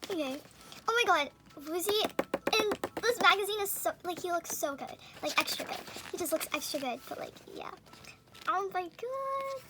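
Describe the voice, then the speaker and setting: A young woman with a very high voice gushes through an unboxing. She chats in a loose, excitable way, full of gasps, squeals and fillers. The recording carries a clear hiss of noise underneath. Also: a little fast. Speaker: vlogger. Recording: noisy home recording.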